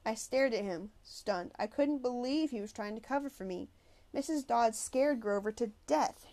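A woman narrating an audiobook in the first person with an expressive, conversational delivery. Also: fairly high pitch, moderate pace.

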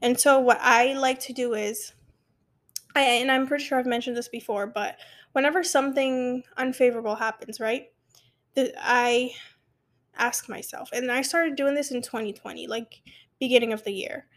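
A young woman telling a personal story and giving advice in a chatty, animated way, often restarting her sentences. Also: fairly high pitch, moderate pace. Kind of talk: casual personal advice talk.

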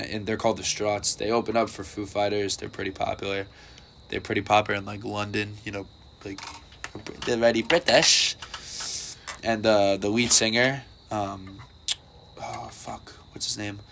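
A man's voice: lowish voice, level tone, moderate pace, fairly bright tone, slight background noise. A young man, chatting casually on a podcast and rambling with lots of filler words and swearing. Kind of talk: casual chat.

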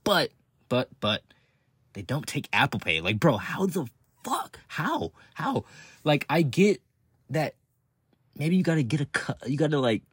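Husky profane man ranting casually. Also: on the high side, unhurried, long pauses, dry recording. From Texas. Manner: profane, rambling, laughs often, swings up into excited outbursts. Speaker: podcast host.

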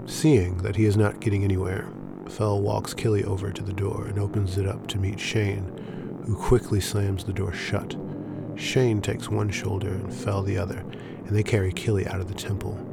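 A man reading a horror story aloud in a steady, measured way, with a gravelly voice. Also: lowish voice. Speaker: narrator.

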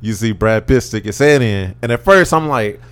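Excitable dude on a podcast, laughing a lot, says bro constantly. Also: male voice, on the low side, normal speed, clean tone. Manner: animated, laughing, slangy storytelling. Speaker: podcast co-host. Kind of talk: casual chat.

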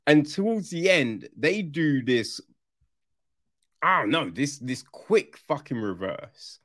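A film reviewer, giving a casual, animated review full of swearing and acted-out reactions. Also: mid-range voice, slow pace, no echo, studio quality.

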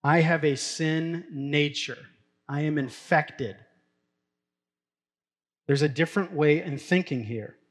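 A man's voice: fairly high pitch, takes it slowly, long pauses. A middle-aged man, a pastor, preaching a sermon in a casual, story-telling way and laughing now and then. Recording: long hall reverb.

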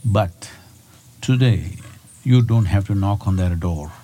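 A man's voice: deep voice, slow, mellow, husky. A man in his sixties, a spiritual teacher giving a talk to a live audience, prodding his listeners with rhetorical questions. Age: 60s.

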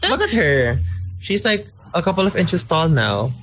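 Young Filipino man, lively and laughing. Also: on the high side, moderate pace, slight background noise. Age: young adult. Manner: mixes in Tagalog words, laughs easily. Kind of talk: casual chat.

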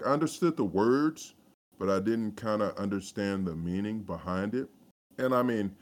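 A man co-hosting a casual podcast chat, rambling with many fillers and restarts. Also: deep voice. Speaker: podcast co-host.

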